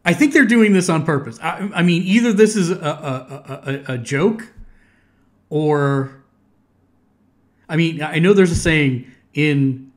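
A man's voice: fairly high pitch, measured pace, pauses often. A middle-aged American man hosting a reaction video, chatting casually with frequent restarts. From United States. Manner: chatty, restarts sentences, laughs easily.

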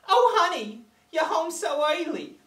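A woman's voice: very high-pitched, animated, unhurried. A woman acting out a nervous cheating wife who stammers and pleads. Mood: flustered. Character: young woman playing a flustered cheating wife.

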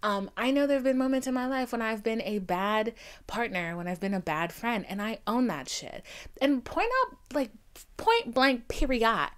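A woman in her twenties hosting a podcast, talking casually and candidly, swearing often and acting out the people she quotes. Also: mid-range voice. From Haitian family. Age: 20s. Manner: chatty, profane, animated quoting. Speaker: podcast host. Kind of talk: casual confessional monologue.

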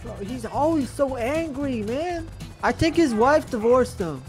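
A man's voice: very high voice, lively intonation, a little slow, darkish tone, soft background music. A man in game roleplay voice chat, slangy, saying bro at every turn. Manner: says bro constantly, slangy. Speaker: roleplay player.

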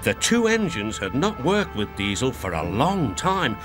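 A man narrating a children's storybook in an expressive reading. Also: mid-range voice, measured pace, hardly any pauses. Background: music.

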